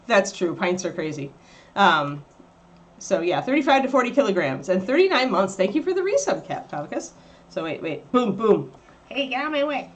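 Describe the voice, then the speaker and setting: This woman is very animated and talks at a normal speed as she hosts her livestream. Painting miniatures, she rambles casually and coos at her dog in high-pitched baby talk.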